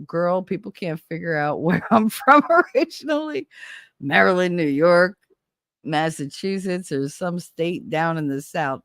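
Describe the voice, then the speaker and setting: A nasal-sounding woman with a lowish voice hosts a casual stream, joking and chatting as she reads comments aloud. Her pitch swings widely from low to high, and the sound is dry and close with no room echo. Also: animated, unhurried. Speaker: host. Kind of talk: casual livestream chat, reading comments.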